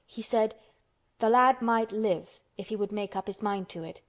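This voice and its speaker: A woman's voice: medium pitch, normal speed, lightly acted. A woman voicing a sickly, peevish young boy who speaks restlessly and resentfully.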